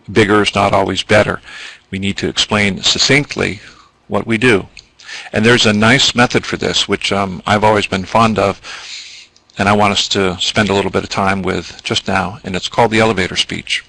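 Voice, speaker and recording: A man's voice: lowish voice, fairly even intonation, normal speed, gravelly, pushed and bright, no echo, poor audio. A man presenting a business training webinar, explaining at length with ums and asides.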